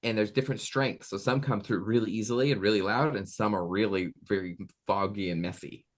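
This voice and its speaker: Speaking fairly quickly in a low-leaning voice, this medium in his thirties talks casually as an interview guest. He tells stories with animation, performing different voices along the way.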